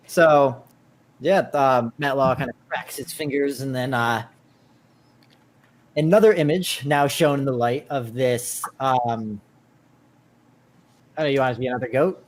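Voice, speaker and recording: A man running a tabletop game as game master, narrating casually in a halting way with many filler words. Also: medium pitch.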